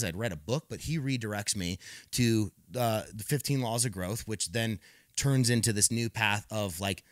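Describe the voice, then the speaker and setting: A man in his thirties speaks as a podcast guest, recounting hard times with earnest, emphatic energy. He stumbles and repeats words as he restarts, and voices other people's lines in his own voice. His voice sits at an ordinary pitch and sounds close and dry. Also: a bit bright, dry recording. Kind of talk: candid personal storytelling.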